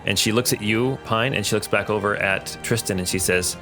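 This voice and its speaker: A man's voice: fairly low pitch, fairly quick, music in the background. A man narrating as game master of a tabletop game, casual and descriptive.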